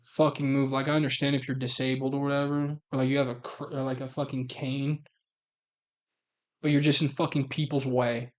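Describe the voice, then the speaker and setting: A man's voice: mid-range voice, level tone, fairly quick. A man hosting a live stream, chatting casually in a profane, blunt way and laughing often.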